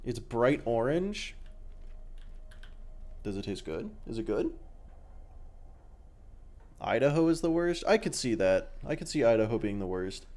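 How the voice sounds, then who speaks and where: A man's voice: mid-range voice, very animated, a little slow, pauses often, a little mellow. Laid-back Australian guy streaming a game. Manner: laid-back, joking, swears freely, chats with viewers. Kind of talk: casual chat while gaming.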